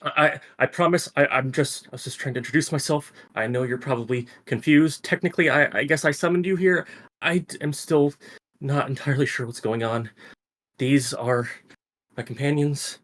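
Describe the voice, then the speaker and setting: A man's voice: mid-range voice, slow pace, long pauses, voice pushed up. A man playing a nervous young man who stammers and apologizes. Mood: flustered.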